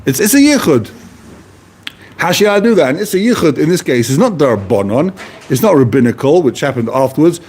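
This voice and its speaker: A man lecturing on a classic text in a lively, question-driven way. His voice sits a bit high and is husky, and it leaps up and down as he presses a point. He often repeats key phrases and restarts sentences as he builds an argument. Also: brisk. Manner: poses questions to the listener and answers them. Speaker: Talmud teacher.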